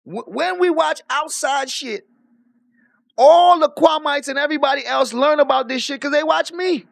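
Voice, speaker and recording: A man's voice: very high-pitched, moderate pace, vocal fry, no echo. A man ranting boastfully on a live stream, swearing freely and laughing often. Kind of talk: casual livestream rant.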